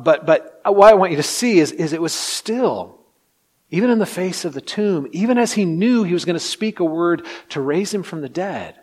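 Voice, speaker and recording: A man preaching a sermon, swinging between loud emphatic passages and hushed ones, and acting out quotes. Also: medium pitch. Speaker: pastor.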